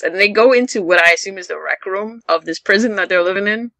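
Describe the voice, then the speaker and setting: Bright, wry podcast host. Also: medium pitch, fast talker, creaky, dry recording, low-quality recording. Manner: wry, sarcastic storytelling. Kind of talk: casual recap chat.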